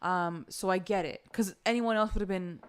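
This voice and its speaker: A woman's voice: medium pitch, steady tone, a little fast, clean tone. A woman co-hosting a casual podcast, chatty and laughing as she mimics characters. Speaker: podcast co-host. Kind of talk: casual chat.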